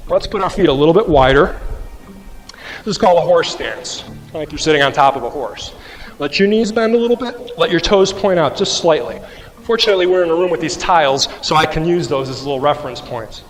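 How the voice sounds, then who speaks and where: Man, exercise class instructor, patient and chatty, slightly high voice, long hall echo, faint music. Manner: patient, conversational, asks the class questions. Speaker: qigong and mobility instructor. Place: rehab class room with floor tiles.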